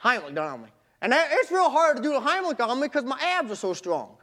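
High-voiced folksy male storyteller. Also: fairly quick. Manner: folksy, animated storyteller with casual grammar. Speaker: marathon runner telling his story. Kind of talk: storytelling talk.

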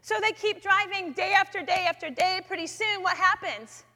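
A woman speaking in a chapel, sharing a personal faith story with lively storytelling in which she acts out her own thoughts. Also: very high-pitched, normal speed. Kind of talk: personal testimony talk. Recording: long echoey hall reverb.

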